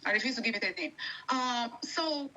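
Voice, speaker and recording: A woman's voice: a little high, animated, normal speed, crowd noise, low-quality recording. A Nigerian woman guest on a talk show, speaking hesitantly with many fillers and restarts.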